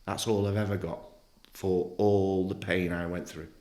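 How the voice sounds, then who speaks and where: Blunt low-voiced man from England. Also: flat delivery, moderate pace, darkish tone, reverberant. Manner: blunt, swears freely, emotional. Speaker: podcast guest, former footballer. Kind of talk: candid personal storytelling. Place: podcast studio.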